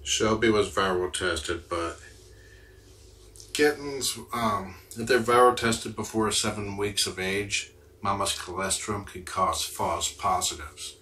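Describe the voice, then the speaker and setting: A man's voice: fairly low pitch, slow pace, bright, forceful tone, slight background noise. A man hosting a livestream, chatting casually and answering viewer comments as they come in. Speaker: livestream host. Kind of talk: casual chat with live viewers.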